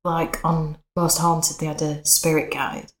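Lower-voiced woman podcast guest, laughing. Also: flat delivery, unhurried, reverberant. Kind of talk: casual podcast chat.

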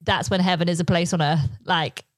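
A woman's voice: lowish voice, brisk, no echo, low-quality recording. A woman comedian from England, chatting as a guest and telling stories with lots of swearing. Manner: animated storyteller, swears freely, acts out quotes. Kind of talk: casual interview chat.

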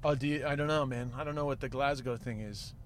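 A man's voice: mid-range voice, fairly even intonation, fast talker, slight background noise. A man chatting casually while driving a car, laid-back and easygoing. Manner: laid-back, says "man" and "you know" a lot.

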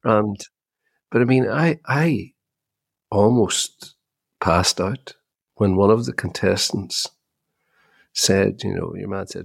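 A middle-aged man, co-hosting a chat podcast as an animated storyteller who often repeats his opening words. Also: mid-range voice, moderate pace, gravelly, slightly rough, no room sound, clean studio sound. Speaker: podcast co-host. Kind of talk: casual chat.

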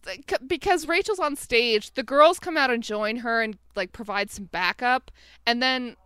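A woman's voice: fairly high pitch, normal speed, bright, forceful tone, clear, resonant tone, no room sound. A woman co-hosting a podcast, chatting casually with fillers and easy laughter. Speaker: podcast co-host. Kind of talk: casual chat reviewing a TV episode.

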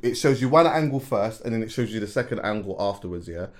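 A man hosting a podcast in casual chat, telling stories in an animated way and often repeating words as he gathers his thoughts. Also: lowish voice, fast. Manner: animated storyteller, repeats words while thinking, laughs as he tells stories. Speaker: podcast host.

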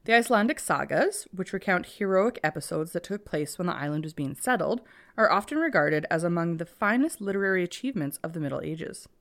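A woman's voice: lowish voice, fairly quick. A woman co-hosting a casual podcast, teasing her partner and reading out her research notes. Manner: dry, teasing, reads notes in a steady flow.

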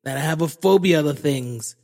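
A young man tells a comic monologue in a fairly high voice, swearing freely and mocking himself. He talks in an animated way, and long reverb rings behind his voice. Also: a little fast. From Florida, USA. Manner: profane, animated, self-mocking. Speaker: podcast host. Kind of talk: comedic storytelling monologue.

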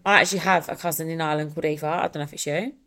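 A woman's voice: low-pitched, fairly even intonation, very fast, a bit bright. A young adult woman hosting a casual solo podcast, chatty and upbeat with rambling asides. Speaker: podcast host.

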